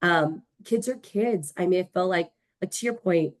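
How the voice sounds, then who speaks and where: A woman's voice: lowish voice, moderate pace, no room sound. A woman on a panel, chatting expressively and acting out quotes in her stories. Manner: expressive, acts out quotes, drops to a whisper at times. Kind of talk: casual panel chat. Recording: dry close sound.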